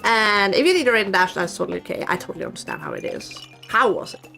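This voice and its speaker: A woman's voice: medium pitch, expressive, quick pace, vocal fry, pushed and bright, faint music behind. A woman streamer chatting casually with her viewers in a giggly, playful, teasing manner. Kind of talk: casual live-stream chat.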